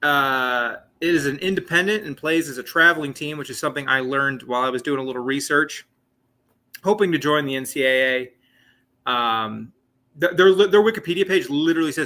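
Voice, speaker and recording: A man's voice: on the high side, brisk, pushed and bright. A man in his late twenties hosting a live sports talk show, rambling and chatty with many fillers and asides. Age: 20s. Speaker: sports podcast host.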